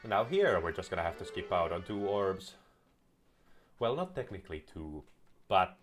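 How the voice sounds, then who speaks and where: A man giving casual let's-play commentary, joking sarcastically and swearing freely. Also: low voice. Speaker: gameplay commentator.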